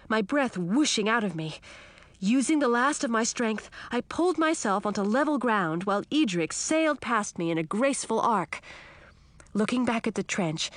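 A woman reading a children's fantasy story aloud in a steady first-person narration, giving voice to the dialogue. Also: mid-range voice, dry recording. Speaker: audiobook narrator.

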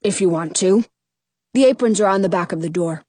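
A woman voicing a gruff, terse male beast who cooks, in an audiobook reading. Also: mid-range voice, brisk, a little mellow, no echo, natural voice. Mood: brusque. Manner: brusque, terse.

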